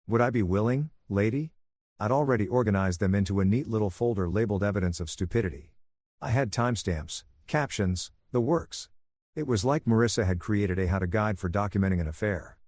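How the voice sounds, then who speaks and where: A man narrating a first-person story in an even, soothing storytelling manner. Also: fairly low pitch, dry recording, studio quality.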